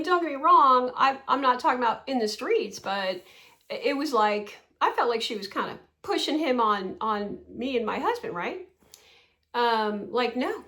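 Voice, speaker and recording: A woman in her sixties talks to the camera in a loose, rambling chat, her voice sitting a little high for a woman. She keeps breaking into small laughs and asking rhetorical questions. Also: a bit bright. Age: 60s. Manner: chatty, rambling, with frequent laughs and rhetorical asides. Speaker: vlogger. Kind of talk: casual talking-to-camera chat.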